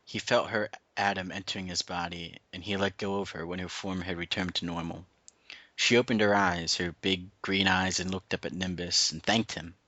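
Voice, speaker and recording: Low, bright male narrator, casual story reader, dry close mic. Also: fairly even intonation, moderate pace, no room sound, muffled recording. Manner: narrates plainly with laughs and asides. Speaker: reader, channel host. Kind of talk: casual reading aloud.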